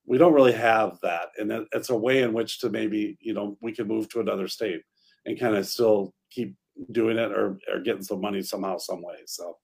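Gravelly, husky man musing slowly. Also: lowish voice, fairly even intonation, darkish tone. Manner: halting, drawn-out, hesitant. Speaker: real estate agent, podcast co-host. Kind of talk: casual chat.

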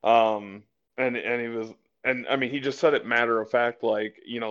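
A man's voice: medium pitch, steady tone, normal speed, fairly bright tone. A man co-hosting a casual political chat show, talking in a rambling way full of fillers and restarts. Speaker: podcast co-host. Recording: slightly dull lo-fi audio.

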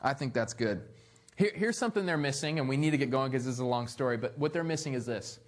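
A man preaching a sermon, reading scripture aloud and adding playful, animated asides. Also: medium pitch, quick pace. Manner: reads scripture aloud then comments. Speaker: pastor.

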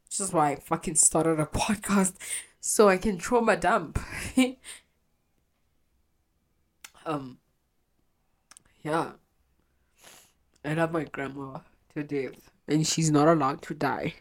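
A young woman talks alone on her podcast, opening up in a confessional way. Her voice is low for a woman. She speaks bluntly and swears freely. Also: takes it slowly, long pauses. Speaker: podcast host.

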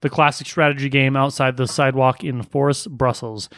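Man co-host, mid pitch, reads news with crude asides, bone-dry close mic. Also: fairly even intonation, a little fast, a bit bright, no room sound. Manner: profane, joking, reads news aloud with asides. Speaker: podcast co-host reading news stories. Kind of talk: casual comedy podcast banter.

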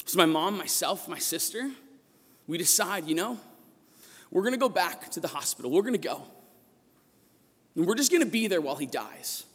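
A man preaching a sermon as a priest, telling a personal story with passion and rising to shouts at the peaks, recorded in a church. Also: high voice, expressive, normal speed, long pauses, slightly rough. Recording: long echo of a large church.

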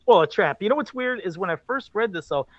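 A podcast co-host rattles through an anecdote at a quick clip, swearing and acting out both sides of the exchange. The sound is dry and close, with dull lo-fi quality. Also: medium pitch, no echo. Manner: fast, excitable storytelling, sweary. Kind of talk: casual podcast chat.

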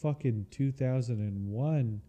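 Profane, animated male co-host. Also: mid-range voice, unhurried. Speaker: podcast co-host. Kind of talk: casual chat.

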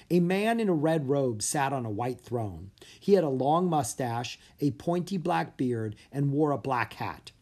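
A reader narrating a children's fantasy audiobook with expressive, animated storytelling. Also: mid-range voice, breathy edge.

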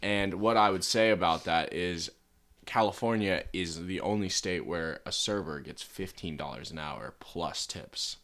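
A man's voice: low voice, measured pace, fairly bright tone. A man as a guest on a casual podcast, laid-back and rambling, with wry jokes.

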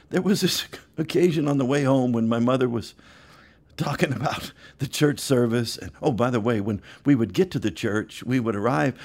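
A man's voice: medium pitch, vocal fry. A middle-aged male pastor telling family stories in a chatty podcast, laughing as he goes. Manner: chatty, laughs through his stories, animated voices. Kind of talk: storytelling sermon podcast.

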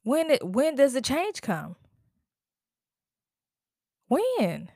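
A woman's voice: high voice, huge pitch swings, very slow, mellow, no room sound, studio quality. A woman with children hosting a podcast, ranting in an angry, exasperated way, worn out and upset, swearing and repeating her questions. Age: adult with children. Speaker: podcast host. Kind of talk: impassioned solo podcast rant.

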